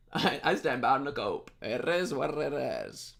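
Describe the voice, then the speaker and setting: A man's voice: medium pitch, huge pitch swings, a little slow, creaky, a bit bright. A young man on a live stream, chatting casually with viewers, laughing at himself and reacting to what they send in. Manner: giggly, self-mocking, talks straight to chat.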